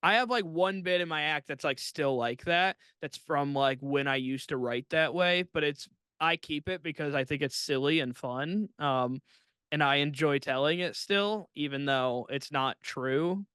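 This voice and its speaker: Giggly, bright-voiced male comedian. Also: fairly high pitch, a little slow, smooth, no echo, clean studio sound. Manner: giggly, laughs often mid-sentence. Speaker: comedian and podcast co-host. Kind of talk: casual chat.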